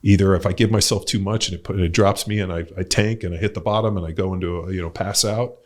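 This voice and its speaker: He talks fast in a deep voice with fairly even intonation. A middle-aged podcast host and coach, he keeps the chat casual and rambling, leaning on fillers and swearing bluntly.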